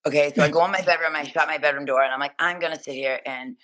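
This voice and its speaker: A woman, a podcast guest telling stories in an animated, profane, rapid-fire way. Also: sits low. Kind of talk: casual storytelling interview.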